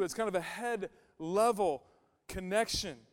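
A man's voice: sits high, normal speed. A male pastor giving a conversational sermon, emphatic and repeating his key phrases. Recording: long hall reverb.

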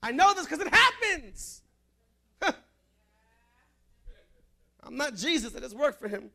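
A male pastor preaching a sermon, building to emphatic shouts and easing into a hushed altar call. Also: very high-pitched, very animated, takes it slowly, vocal fry. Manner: emphatic, rising to shouts then softening for prayer.

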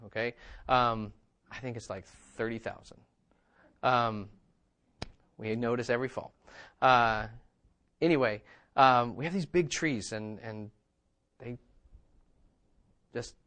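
A man's voice: mid-range voice, fairly bright tone. A man preaching a sermon in a conversational style, repeating key phrases and checking in with "okay?" and "right?". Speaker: pastor.

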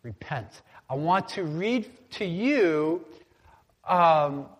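A man's voice: fairly high pitch, lively intonation, drawn-out words, big-room sound. A man preaching a casual, conversational sermon, often asking the congregation to repeat words after him. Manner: casual, conversational preaching with call-and-response prompts. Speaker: pastor.

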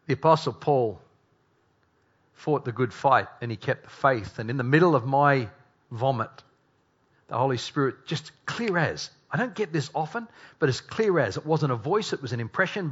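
A middle-aged male pastor preaching a sermon, earnest, moving between hushed confession and loud, emphatic passages. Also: mid-range voice, breathy edge. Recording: dull lo-fi recording.

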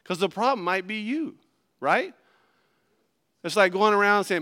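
A man preaching a sermon, folksy and animated, swinging between loud emphasis and hushed asides. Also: high-pitched, measured pace. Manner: animated, folksy, acts out little voices. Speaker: pastor.

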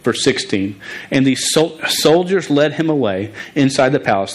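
A middle-aged man preaching a sermon in an earnest, informal way. He stutters on the first sounds of words and restarts his phrases often, mid-pitched and steady while reading scripture aloud. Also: normal speed, poor audio. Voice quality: stutters on word beginnings.

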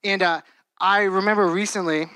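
A man's voice: high-pitched, fairly even intonation, moderate pace, pushed and bright, smooth, no echo. A young man in his twenties preaching a sermon in an earnest, conversational way, with frequent restarts and casual fillers.

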